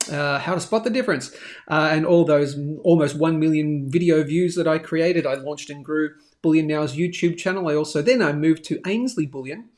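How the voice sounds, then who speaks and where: A man hosting a daily live stream, chatting casually and rambling as he reads out viewer comments. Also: fairly high pitch. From Australia. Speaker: host of a daily live show.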